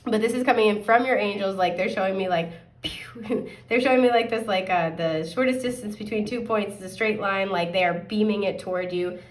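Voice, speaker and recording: Woman tarot reader, chatty casual delivery, hoarse with throat clearing, mid-pitched, recorded in an echoey room. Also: a little fast, recorded from a distance. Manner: chatty, upbeat, rambling with fillers. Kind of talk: casual pick-a-card tarot reading.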